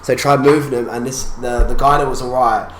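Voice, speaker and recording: A man's voice: mid-range voice, steady tone, fairly quick. A young man hosting a podcast, chatting casually and telling stories in slang. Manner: slangy storytelling, acts out quotes. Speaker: podcast host. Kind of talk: casual chat. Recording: roomy, background noise.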